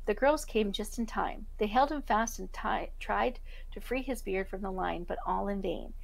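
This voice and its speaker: A woman podcast host reading a fairytale aloud in a steady storybook manner. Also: medium pitch, moderate pace, gravelly, low-quality recording. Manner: steady storybook narration with self-corrections.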